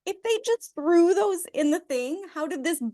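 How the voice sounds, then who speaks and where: Light-voiced female co-host, soft-spoken, giggly asides in casual chat. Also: very high voice, expressive, moderate pace. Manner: quiet, laughing, soft asides. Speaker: podcast co-host.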